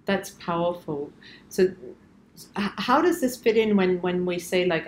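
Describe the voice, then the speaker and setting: A woman's voice: fairly low pitch, normal speed, darkish tone, roomy sound, a little hiss or hum, rough recording. A woman hosting a conversational interview, enthusiastic and affirming as she asks probing questions. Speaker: host.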